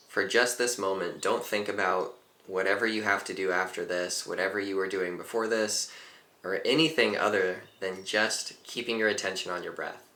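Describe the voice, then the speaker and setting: A man leading a guided meditation in a calm, unhurried, gently instructive way. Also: deep voice, echoey room. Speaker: meditation teacher.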